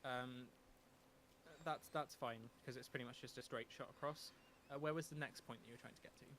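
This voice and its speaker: A man runs a tabletop role-playing session, pausing often with ums and restarting his sentences. His pitch sits in a middle range, and a faint hum sits under the recording. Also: fairly even intonation, fairly bright tone. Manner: hesitant, many ums and restarts. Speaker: game master. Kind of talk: narrating a tabletop game.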